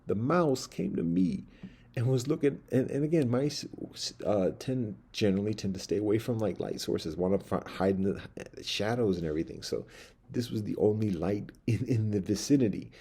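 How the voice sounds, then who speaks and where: A man's voice: fairly low pitch, moderate pace, mellow, slightly rough. A man telling a personal story in a casual, rambling monologue with many asides. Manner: rambling, loose, full of fillers and asides.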